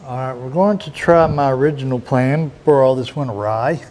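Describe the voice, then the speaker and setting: A man's voice: medium pitch, normal speed, a little mellow. A man talking casually and rambling a bit as he repairs a car outdoors, in a folksy way. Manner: rambling, folksy, talks while working. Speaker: DIY car repair vlogger. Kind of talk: casual workshop chat.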